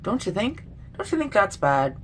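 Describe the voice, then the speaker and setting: A woman's voice: medium pitch, very animated, normal speed, slight background noise. A middle-aged woman vlogger ranting bluntly and with lots of swearing in a casual commentary. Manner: blunt, profane, indignant.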